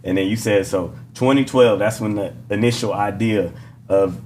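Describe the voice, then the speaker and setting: A man's voice: on the low side, moderate pace, darkish tone, faint music behind. A man hosting a casual interview, who mostly backs up his guest with "yeah" and "mm-hmm" and then reflects back on what he has said. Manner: affirming listener, frequent yeahs and mm-hmms. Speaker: podcast host.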